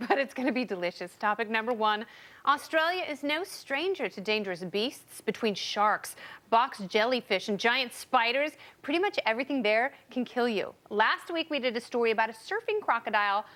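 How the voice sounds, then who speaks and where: A woman hosting a TV panel show, reading segments with quick wisecracks. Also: fairly high pitch, expressive, fairly bright tone. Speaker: host.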